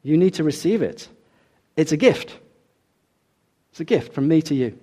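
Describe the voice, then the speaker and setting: A man's voice: fairly high pitch, animated, normal speed, mellow, husky. A middle-aged man preaching a sermon, emphatic and repeating his key points for the congregation.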